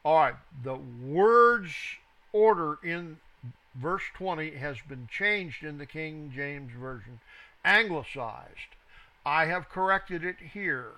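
Male Bible teacher, slow and bright-toned, reads scripture with emphasis and adds quiet reference asides. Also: lively intonation, rough recording. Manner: reads scripture aloud with rising emphasis, then cites reference numbers in a low aside. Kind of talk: verse-by-verse scripture reading and commentary.

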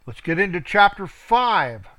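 A preacher reading scripture aloud, stretching out key words with emphasis, and breaking off for quick spoken asides. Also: male voice, high-pitched, big pitch swings, sharp tone. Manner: occasional stumbles and restarts.

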